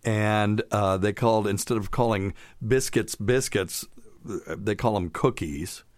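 A man's voice: fairly low pitch, measured pace, no room sound. A middle-aged man co-hosting a casual medical podcast, chatty and jokey as he reads from his notes. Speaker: podcast co-host, doctor.

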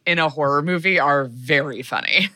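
A woman's voice: low-pitched, moderate pace, bright, forceful tone, dry recording, studio quality. A woman co-hosting a comedy podcast, reacting to her friend's film recap with short, wry comments. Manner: reacts with short quips and laughs. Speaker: podcast co-host. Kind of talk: casual comedic chat.

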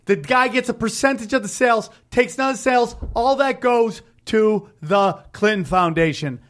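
A man's voice: very high voice, moderate pace, a bit bright. A man on a podcast, talking in a heated, rambling way and swearing constantly. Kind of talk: casual profane chat.

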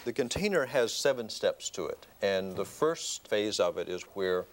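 A male marriage therapist calmly explaining a counseling method on a talk show. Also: on the low side, normal speed. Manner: calm, explanatory.

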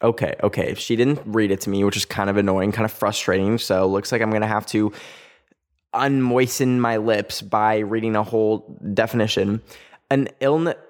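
A man's voice: on the low side, fairly even intonation, normal speed. A young man from Canada hosting a solo podcast, chatting casually in a rambling, self-mocking way that keeps getting sidetracked. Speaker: podcast host.

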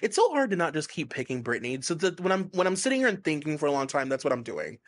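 A man's voice: on the high side, huge pitch swings, fast. A man co-hosting a podcast in casual chat, rambling with lots of fillers and frequent laughs, in a hazy, stoned state. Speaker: podcast co-host.

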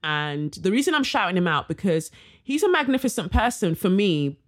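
A woman's voice: mid-range voice, very animated, normal speed. Chatty woman hosting a solo podcast. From Nigeria. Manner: chatty and warm, with slang and fillers. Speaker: podcast host. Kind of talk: casual solo podcast chat.

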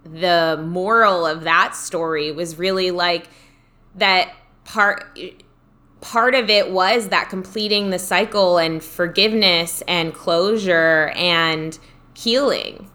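A woman's voice: lowish voice, slow, pushed and bright. A woman hosting a podcast, chatting casually and thoughtfully, reading out listener comments with enthusiasm. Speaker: podcast host. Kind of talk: casual chat.

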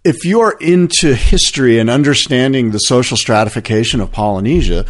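A man of ordinary middle pitch co-hosting a casual podcast chat. He talks in loose, winding sentences, leaning on "you know" as he works toward his point. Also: brisk. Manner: meandering, peppered with "you know". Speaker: podcast co-host.

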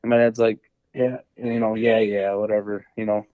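A man's voice: fairly low pitch, level tone, normal speed, no room sound, phone-quality sound. Dry-voiced man telling a hunting story. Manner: rambling, many fillers and acted-out quotes. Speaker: podcast guest, deer hunter. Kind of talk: casual storytelling.

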